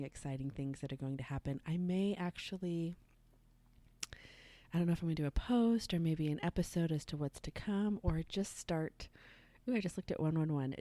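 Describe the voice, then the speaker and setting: A woman's voice: sits low, warm tone, no room sound. A woman hosting her own podcast as a sex educator, talking in a loose, chatty way with lots of ums and some casual swearing. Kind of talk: casual solo podcast chat.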